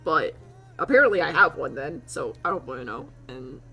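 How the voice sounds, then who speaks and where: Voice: medium pitch, sing-song, normal speed, bright, forceful tone, slightly rough, faint music behind. A streamer chatting casually to their chat, rambling with frequent laughs and casual swearing.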